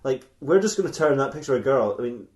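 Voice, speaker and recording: This podcast host has a mid-range, darkish voice and speaks fast and expressively. His improvised comedy story meanders, full of self-interruptions and fresh starts, and he laughs frequently along the way.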